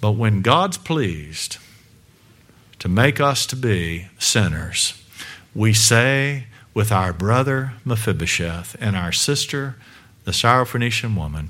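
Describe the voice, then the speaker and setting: In a church room, a man preaches a sermon to his congregation with a lowish, expressive voice at a slow pace. He is emphatic and asks many rhetorical questions, his volume swinging between loud and hushed.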